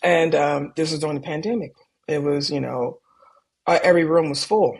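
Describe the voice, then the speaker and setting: Gravelly-voiced woman telling ER stories. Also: low voice, normal speed. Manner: calm, candid, animated when quoting others. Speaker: ER physician guest. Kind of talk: conversational storytelling.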